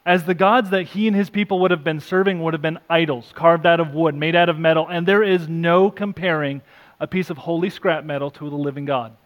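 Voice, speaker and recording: A man's voice: on the high side, fairly even intonation, brisk. Man preaching an earnest sermon. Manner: earnest preaching, rising for emphasis then dropping soft; self-deprecating asides. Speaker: pastor.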